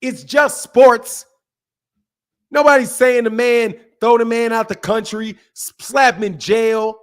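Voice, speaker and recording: A man hosting a boxing channel stream, giving heated, mocking commentary with drawn-out emphasis. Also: extremely high pitch, steady tone, fairly bright tone.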